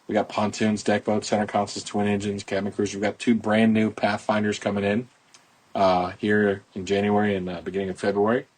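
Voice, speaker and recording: A man's voice: lowish voice, little pitch movement, brisk, slightly rough. A middle-aged man hosting a casual podcast, talking outdoors into a phone in a rambling, folksy promotional way. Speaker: podcast host, boat club owner.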